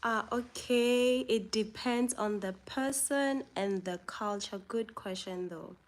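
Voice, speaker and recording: South African woman hosting a live chat, unhurried, reads comments aloud and answers them. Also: on the high side. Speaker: livestream host.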